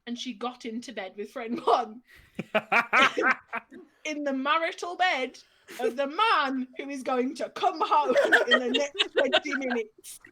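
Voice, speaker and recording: A woman with a fairly high voice spins a casual anecdote for a stream audience. She retells it in a lively way and keeps laughing as she talks. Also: measured pace, slight background noise. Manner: laughs through her story, lively retelling. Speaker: storyteller on a stream.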